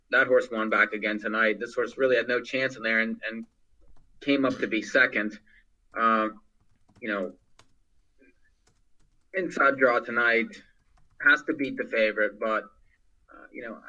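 A man's voice: on the low side, sharp tone, lo-fi sound. A man on a racing panel giving his picks, hedging a lot with fillers. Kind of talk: casual handicapping talk.

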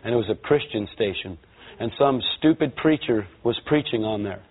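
A man from Los Angeles giving a lively personal testimony to a church audience, acting out the voices in his story. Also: mid-range voice, normal speed, slightly rough. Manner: lively storyteller who acts out voices and quotes. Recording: tinny, narrow-band sound.

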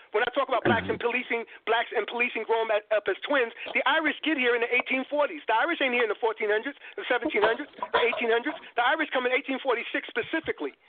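A man's voice: very high voice, no echo. A man, a politics professor, lecturing with passion as a guest on a call-in show, repeating phrases for emphasis and calling listeners brother. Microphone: telephone. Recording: dry tinny phone line.

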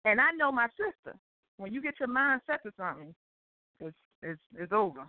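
High lively woman on a phone line. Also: normal speed, no room sound. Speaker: guest, host's sister. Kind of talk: casual conversation. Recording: tinny phone-line call audio.

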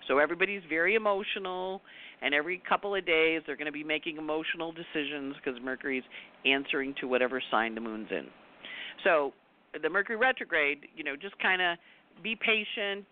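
A woman astrologer giving her weekly forecast in a chatty monologue, repeating words for emphasis and telling personal anecdotes. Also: sits low. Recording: tinny phone-like audio.

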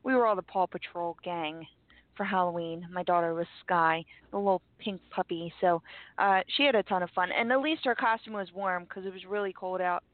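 A woman's voice: on the low side, fairly quick, no room sound. Giggly woman co-host on a phone line. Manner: giggly, chatty. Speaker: radio co-host. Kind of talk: casual radio chat. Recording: dry, phone-like audio.

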